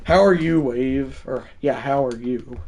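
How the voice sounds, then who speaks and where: A man livestreaming a baseball video game, commentating his own play and bursting into shouted home-run calls. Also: mid-range voice, a little slow. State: out of breath. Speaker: gaming livestreamer. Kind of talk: live gameplay commentary.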